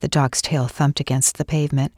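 A woman narrating a novel in a measured, expressive storytelling voice. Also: sits low, dry recording, studio quality. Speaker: audiobook narrator. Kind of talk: scripted narration.

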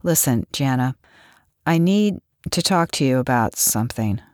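A woman voicing an uneasy, hesitant male park ranger in a low voice. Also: normal speed, a little mellow, no room sound, studio quality, natural voice.

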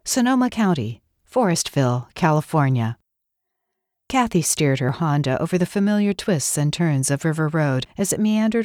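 Narrating a novel from a script, this woman uses a low-pitched, measured, expressive storytelling voice. It's an audiobook recording, dry and studio quality.

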